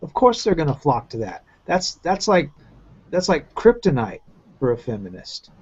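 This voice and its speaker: A man's voice: on the high side, huge pitch swings, moderate pace, slightly rough. A man hosting a crude, casual round-table chat over a video call, talking bluntly and profanely in rambling runs full of restarts. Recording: muffled lo-fi online call.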